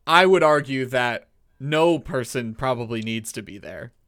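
A woman co-hosting a podcast in casual chat, making dry, wry, deadpan remarks. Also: extremely low pitch, unhurried, dry recording. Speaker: podcast co-host.

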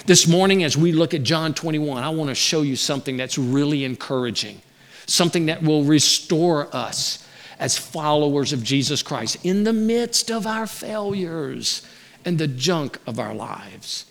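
A man preaching a sermon as pastor, animated, acting out the words of people in the story. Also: a little high, a little slow, vocal fry.

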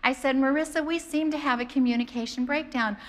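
Lively woman preaching. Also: high voice, a little fast. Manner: animated, conversational, acts out quoted voices. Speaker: pastor. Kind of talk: sermon with storytelling.

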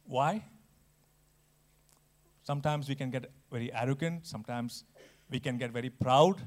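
A man preaching a sermon, earnest and emphatic, with restarts and dramatic pauses. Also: mid-range voice.

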